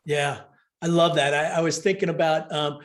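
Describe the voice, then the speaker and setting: A man's voice: on the high side, steady tone, moderate pace, slight background noise. A man hosting a podcast interview, speaking in an upbeat, encouraging way. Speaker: podcast host. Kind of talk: casual interview talk.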